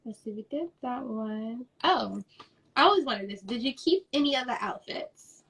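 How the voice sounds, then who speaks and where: Fan-ish woman interviewer, highish voice. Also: expressive, moderate pace, a bit bright, husky, poor audio. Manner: friendly, reads fan questions, laughs along. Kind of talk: casual interview chat.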